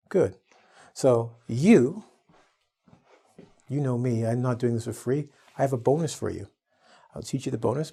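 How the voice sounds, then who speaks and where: A man's voice: medium pitch, creaky, warm tone, breathy edge. A man from Canada teaching an online English lesson, playful and acting out exaggerated quotes.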